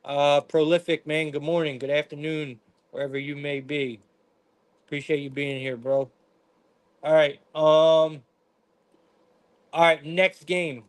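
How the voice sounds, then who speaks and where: A man's voice: a little high, steady tone, unhurried, pauses often. A man hosting a live sports betting stream, giving casual game breakdowns and talking to his chat in a laid-back way. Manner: laid-back, talks to chat, says "bro" and "man" often.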